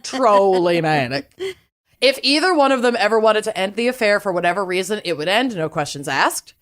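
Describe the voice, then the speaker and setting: A woman podcast host telling a case in a lively, laughing storytelling manner. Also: medium pitch, fast. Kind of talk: casual chat.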